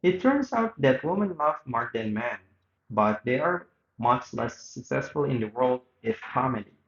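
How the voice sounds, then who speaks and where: Guy reading an interview script out loud, stumbles a bit, echoey room, kinda muffled. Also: medium pitch, animated, unhurried. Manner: reads a script aloud with small slips and restarts. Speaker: student reading both sides of a radio interview. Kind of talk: read-aloud interview reenactment.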